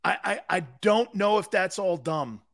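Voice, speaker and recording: A man with a notably high speaking voice hosts a sports talk show. He rants loudly and with humor, jumping into the shouted voices of furious fans before dropping back to his own chatty delivery. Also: moderate pace. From United States. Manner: animated, acts out angry fans in bursts. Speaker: sports radio host. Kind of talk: loud comic sports talk rant.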